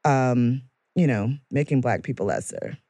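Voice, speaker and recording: Lively female academic guest, dry close sound. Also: a bass voice, a little slow, no echo. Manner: animated, laughs often. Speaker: guest scholar. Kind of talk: casual podcast discussion.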